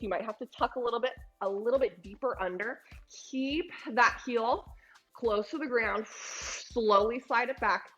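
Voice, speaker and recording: The audio is dull as a young female trainer leads a postpartum core workout, exercising while she talks. Her voice is mid-range. She offers encouragement and prompts the breathing, sounding slightly strained from the physical effort.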